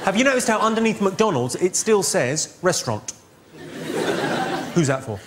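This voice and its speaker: A man doing a stand-up routine in a deadpan, sardonic way, breaking into profane outbursts, with loud audience laughter behind him. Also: high-pitched, fairly quick, a crowd in the background, background noise. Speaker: stand-up comedian. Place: comedy stage before a live audience.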